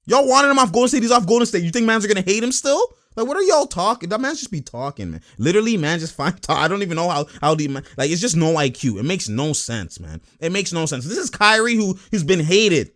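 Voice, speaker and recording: Animated man ranting about basketball. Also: high-pitched, quick pace, hardly any pauses. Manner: heated, emphatic, rhetorical questions, slangy. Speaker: sports commentary vlogger. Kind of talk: casual basketball rant to camera.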